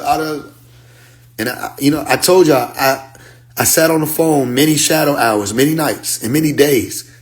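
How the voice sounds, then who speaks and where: A man telling a story on a phone livestream in a casual, emphatic rant, sometimes muttering to himself. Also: a little high. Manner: emphatic, drops to muttering while searching his phone. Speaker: livestream host.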